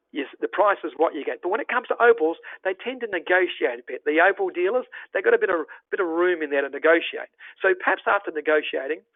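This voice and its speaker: A man's voice: a little high, no room sound. An Australian man giving an upbeat, folksy online travel presentation over a video call. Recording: tinny phone-like dry audio.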